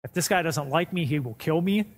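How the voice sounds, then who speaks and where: Male pastor, sermon, casual paraphrase of scripture, high voice, reverberant hall. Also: expressive, a little fast.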